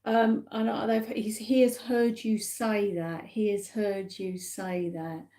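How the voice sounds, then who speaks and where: A woman giving a live psychic reading, speaking gently and haltingly with many fillers and repeats. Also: medium pitch, little pitch movement. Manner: soft and emotional, addresses viewers by name. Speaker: psychic medium. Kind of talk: live-streamed spirit reading.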